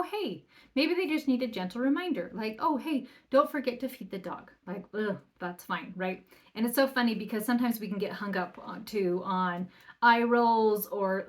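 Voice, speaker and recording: Conversational woman coaching parents. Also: medium pitch. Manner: conversational, asks listeners rhetorical questions; acts out quoted parents and kids in shifted voices. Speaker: parenting coach and podcast host. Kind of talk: casual solo podcast talk.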